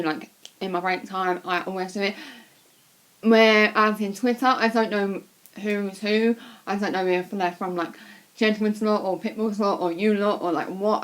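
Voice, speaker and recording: A young woman, chatting to camera in a rambling, casual way with lots of fillers, a bit sick with a cold. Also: mid-range voice. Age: young adult. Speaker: vlogger.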